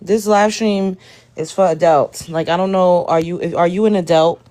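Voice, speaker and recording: Her voice is fairly low and dark, with a steady tone at normal speed. As she hosts a live stream, she reacts to a video with exasperation and talks right to her chat in a casual way.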